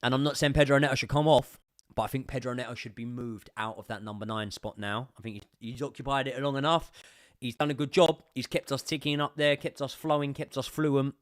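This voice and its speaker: A young man giving sweary live commentary as a football fan on a watchalong stream, swinging from muttering to shouting. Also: mid-range voice, steady tone, brisk, no room sound, studio quality.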